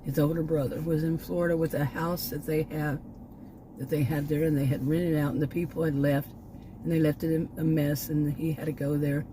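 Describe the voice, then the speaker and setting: A woman's voice: deep voice, little pitch movement, brisk, background noise. An older woman from Texas, talking in a rambling, casual vlog with many restarts and asides, a little short of breath. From Texas, United States. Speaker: vlogger. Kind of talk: casual personal vlog talk.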